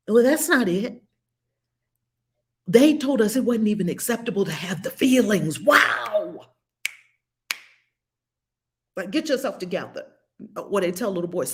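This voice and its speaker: Leading a livestreamed spiritual study group, this woman talks earnestly at normal speed and reads out comments from viewers. Her voice is medium-pitched and expressive.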